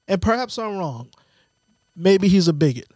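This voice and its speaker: A man co-hosting a sports podcast, explaining things in a measured, playful way. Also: sits high, animated, darkish tone, no room sound. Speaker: podcast co-host. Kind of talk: casual sports chat.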